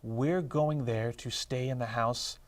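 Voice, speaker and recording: A man of average pitch, a guest on a public-access TV talk show and a paranormal investigator. He talks thoughtfully, working through his points at length in a casual chat. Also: fairly even intonation, takes it slowly.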